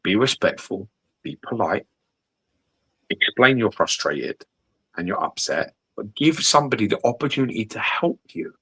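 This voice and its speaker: A man's voice: lowish voice, sing-song, moderate pace, pushed and bright, breathy edge, no room sound, rough recording. A man hosting a casual collectibles podcast, talking animatedly, swearing freely and acting out quoted lines. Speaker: host. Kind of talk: casual chat.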